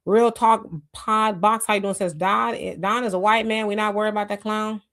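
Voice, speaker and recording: A woman's voice: mid-range voice, steady tone, normal speed, a bit bright. A woman hosting a live stream, greeting commenters by name and reacting to chat in a casual, talkative way. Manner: chatty, greets commenters, frequent restarts and laughs. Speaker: livestream host reading chat.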